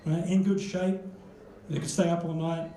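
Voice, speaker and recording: A man's voice: a little high, little pitch movement, normal speed, dark tone, slight background noise. Dry, self-deprecating male comic in his thirties. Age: 30s. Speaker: stand-up comedian. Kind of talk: stand-up set. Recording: echoey club room.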